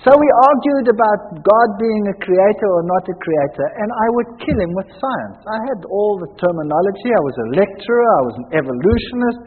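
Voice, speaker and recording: A man, a former science lecturer, giving an animated personal testimony full of quoted dialogue. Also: high-pitched, fairly quick, hardly any pauses, slightly rough, long reverb tail, narrow, tinny audio.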